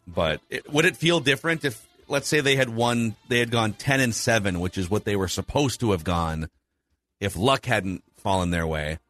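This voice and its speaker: A man's voice: on the low side, moderate pace, a bit bright, dry recording, faint music behind. A man hosting a casual sports talk show, laying out poll results and asking his co-host for views. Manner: analytical, runs polls and asks questions. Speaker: podcast host.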